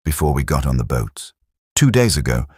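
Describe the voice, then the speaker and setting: A man's voice: very deep voice, very animated, normal speed, darkish tone, slightly rough, no room sound, studio quality, heavily acted. A man voicing a tired American army lieutenant who speaks in a frank, weary, slightly hesitant way.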